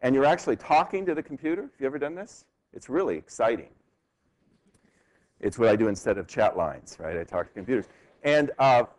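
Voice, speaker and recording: Lively male law professor lecturing. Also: mid-range voice, poor audio. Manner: conversational, frequent tag "right?", animated rhetorical questions. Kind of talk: classroom lecture. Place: university lecture hall.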